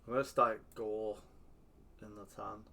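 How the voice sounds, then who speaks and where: Sweary excitable man streaming. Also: on the low side, unhurried, vocal fry. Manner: sweary, excitable, shouts at the game. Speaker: streamer playing a football manager game. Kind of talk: casual gaming commentary.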